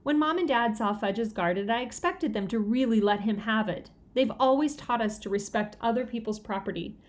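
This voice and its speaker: A woman narrating a children's novel aloud in a lively, expressive way. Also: fairly high pitch, moderate pace. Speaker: audiobook reader.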